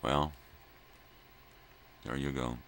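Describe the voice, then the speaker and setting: A man's voice: very deep voice, level tone, extremely slow, a bit bright, a little hiss or hum. An older man rambling casually to viewers from home in the early morning, profane and drifting between thoughts. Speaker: daily vlog host.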